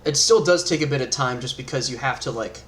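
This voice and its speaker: A man's voice: medium pitch, quick pace, fairly bright tone. A man with a Northern Midwestern accent running a tabletop game, talking casually with lots of fillers and laughs. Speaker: game master.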